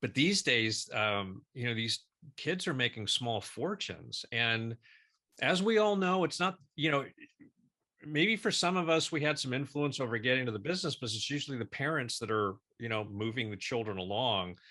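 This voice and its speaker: A man's voice: mid-range voice, animated, normal speed, sharp tone. A man co-hosting an interview, chatting casually and asking questions. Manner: conversational, asks questions, laughs easily. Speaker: interview co-host.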